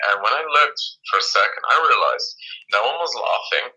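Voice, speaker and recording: A man's voice: on the low side, lively intonation, moderate pace, pushed and bright, slightly rough, poor audio. A man talking casually as a former coaching client, hesitant with frequent stammering restarts. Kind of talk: casual conversation.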